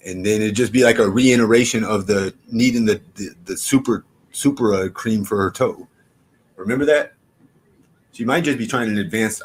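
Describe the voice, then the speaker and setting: A man's voice: fairly low pitch, a little hiss or hum. A man livestreaming, telling a story casually to his chat in a profane, rambling way with frequent restarts.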